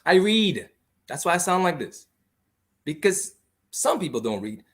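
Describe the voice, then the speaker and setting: A man's voice: high-pitched, sing-song, unhurried, fairly bright tone. A man from Grenada, speaking as a guest on a radio talk show in an impassioned, argumentative way.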